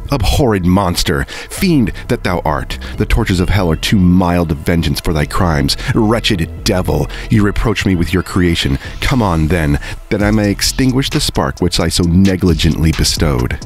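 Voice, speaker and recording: A furious young scientist hurls old-fashioned curses at his creation, read aloud by a man. The voice sits very low. Soft music plays faintly in the background. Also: lively intonation, normal speed, hardly any pauses. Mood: wrathful. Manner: impassioned archaic speech read aloud. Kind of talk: book reading.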